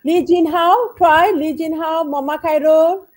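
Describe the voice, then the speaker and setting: High-voiced woman coaxing students. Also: steady tone, a little slow, darkish tone. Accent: Malaysian English. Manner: coaxing, urges students to join. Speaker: co-teacher. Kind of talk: live online tutoring lesson.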